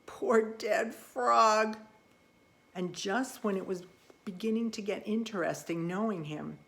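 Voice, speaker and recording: Expressive woman reading a children's story. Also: mid-range voice. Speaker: audiobook reader. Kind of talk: storybook reading, first-person narration.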